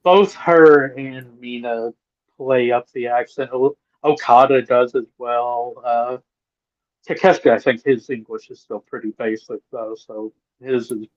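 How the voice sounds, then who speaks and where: A man's voice: mid-range voice, steady tone, measured pace, muffled recording. A man on a round-table panel, talking as an eager, opinionated fan in casual chat.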